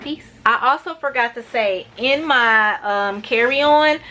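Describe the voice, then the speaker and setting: A woman's voice: on the high side, pushed and bright. A woman chatting her way through a casual packing vlog, rambling a little and talking to her viewers as y'all. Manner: talks fast at times to keep it short. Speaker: travel vlogger.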